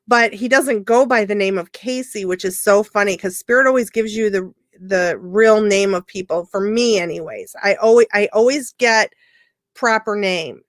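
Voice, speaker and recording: A woman medium talking on a radio chat show, her voice sitting at an ordinary middle pitch. She tells her stories in a rambling, heartfelt way, often breaking off and restarting her sentences. The sound is dry and close, with no room around it. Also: dry recording. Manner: rambling, emotional storytelling with many restarts. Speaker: psychic medium guest. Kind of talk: casual radio conversation.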